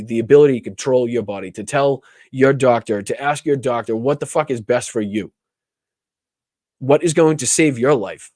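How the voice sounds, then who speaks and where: A heated male host delivers politics with constant swearing and stumbles into repeated words as emotion rises. His voice sits at a middle pitch, recorded close and dry with no room sound. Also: a little mellow, dry recording. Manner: heated, profane, repeats words when worked up. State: emotional, near tears. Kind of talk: impassioned political commentary.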